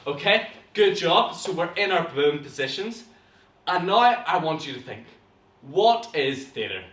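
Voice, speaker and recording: A young man with a Northern Irish accent, leading an energetic online acting class and cheering students on through warm-ups. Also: on the high side, normal speed. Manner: lively, encouraging, coaching warm-ups aloud. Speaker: acting teacher. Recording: roomy echo, from a distance.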